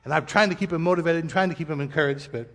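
A man's voice: a little high, racing, a bit bright, big-room sound. A male pastor giving an earnest, vulnerable sermon appeal, at times near tears. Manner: earnest, vulnerable, self-deprecating. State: tearful at times. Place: church auditorium.

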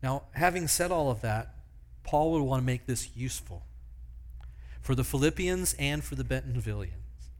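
A man's voice: medium pitch, animated, moderate pace. A man preaching a sermon at a church service, leading the congregation in repeating words with playful asides. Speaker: pastor.

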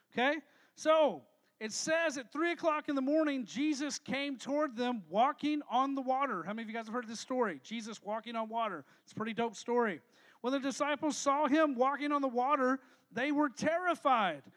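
High-voiced pastor joking with the room. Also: male voice. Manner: energetic, joking, talks to the crowd with questions. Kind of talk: casual youth sermon. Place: church hall with a live audience.

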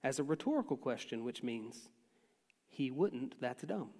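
A man's voice: mid-range voice, lively intonation, a little slow, warm tone, big-room sound. A man preaching a sermon as a pastor, in a conversational way that acts out the quotes he tells.

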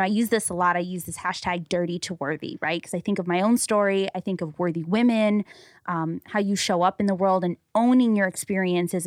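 A woman in her thirties co-hosting a podcast, telling stories in a lively way and acting out the people she quotes. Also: mid-range voice, no echo, studio quality. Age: 30s. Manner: animated storyteller, acts out quoted people. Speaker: podcast co-host. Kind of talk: casual chat, storytelling.

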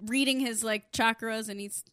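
A woman's voice: fairly high pitch, fairly even intonation, normal speed, a bit bright, clean tone, dry recording, studio quality. A woman in her twenties chatting casually, acting out characters with swearing and funny voices. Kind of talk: casual recap chat.

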